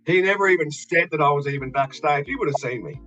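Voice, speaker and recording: A bright, forceful Australian man with a slightly raised voice rants bluntly and swears freely in a casual stream chat. The sound is a little dull, with faint music underneath. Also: a little high, fast talker. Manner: blunt, heavily profane, fired up.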